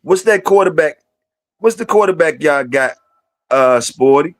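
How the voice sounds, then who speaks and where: A man's voice: a little high, lively intonation, a little slow, no room sound. A man hosting a live stream, chatting loosely with viewers in a rambling, profane way and firing questions at them.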